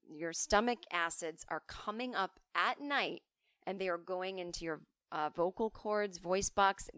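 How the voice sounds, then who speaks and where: A woman's voice: fairly low pitch, fairly bright tone, dry recording, studio quality. A woman hosting a podcast who tells comic stories in a chatty, self-mocking way and swears freely. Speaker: podcast host. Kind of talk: casual comic storytelling.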